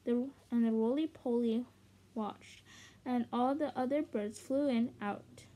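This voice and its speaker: A woman reading a children's book aloud as a channel's storyteller, with lively dramatic emphasis. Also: on the high side, a little slow. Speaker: storybook reader.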